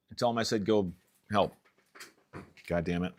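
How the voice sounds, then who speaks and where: Low-voiced man musing through a live stream. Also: moderate pace, a little hiss or hum. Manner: thinking aloud, trailing off. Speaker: RC hobby channel host. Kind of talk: casual live unboxing chat. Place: home.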